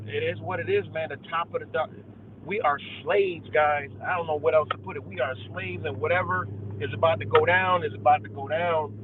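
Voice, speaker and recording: A young man hosting a live stream, ranting heatedly and profanely to his viewers about conspiracies, calling them guys. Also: fairly high pitch. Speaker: livestream host. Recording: tinny phone-like audio with faint car noise.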